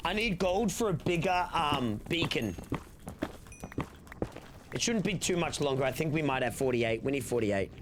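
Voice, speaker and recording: Animated Australian man streaming. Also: fairly high pitch, moderate pace, pauses often. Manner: rambling, animated, swears freely. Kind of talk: casual gaming stream chat. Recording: steady background noise.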